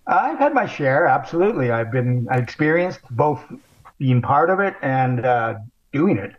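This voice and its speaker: A man's voice: mid-range voice, sing-song, normal speed. A man calling in as a contestant on a radio puzzle game, talking in a modest, easygoing way. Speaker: contestant caller. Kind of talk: phone-in game chat. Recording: dull remote line.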